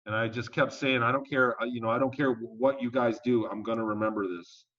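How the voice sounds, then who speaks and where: A man being interviewed as a guest, telling his story in a casual, animated and emphatic way and swearing now and then. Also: medium pitch, fairly quick. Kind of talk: conversational storytelling. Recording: dull lo-fi audio.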